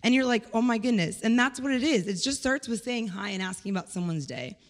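A woman's voice: fairly high pitch, lively intonation, fast. Earnest woman testifying in a reverberant church. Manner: earnest, heartfelt, conversational. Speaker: church member sharing a testimony. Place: church hall. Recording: echoey hall reverb.

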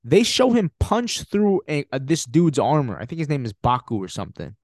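A man's voice: on the high side, lively intonation, normal speed, a little mellow, no room sound, clean studio sound. A man hosting a podcast, giving a casual, emphatic film review with frequent swearing and laughter. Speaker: podcast host.

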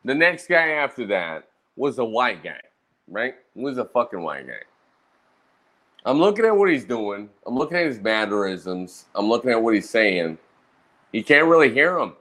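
A man's voice: mid-range voice, big pitch swings, normal speed, a bit bright. A man telling roast-battle stories in a brash, profane, casual monologue. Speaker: streamer recounting roast battles.

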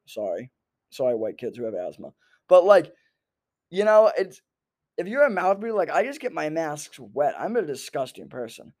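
A man in his own voice, hosting a comedy podcast. He rambles with lots of swearing and animated asides, hopping from one topic to the next. His voice sits on the higher side for a man. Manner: profane, animated, jumps between topics.

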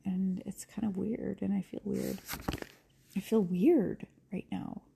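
A woman's voice: mid-range voice, fairly even intonation, slow, gravelly, dark tone, slight background noise. A middle-aged woman hosting a podcast from home, chatting casually and rambling, often laughing and slipping into whispers. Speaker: podcast host. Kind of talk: casual chat.

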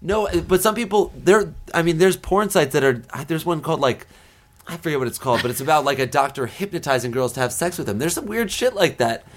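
A man's voice: fairly high pitch, animated, quick pace. Male podcast co-host, blunt and rambling, argues his side in loose chat. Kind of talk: casual chat.

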